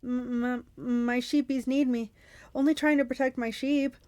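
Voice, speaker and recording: A woman voicing a treacherous male giant cyclops who speaks in slow, broken, simple sentences. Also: a little high, expressive. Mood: pitiful.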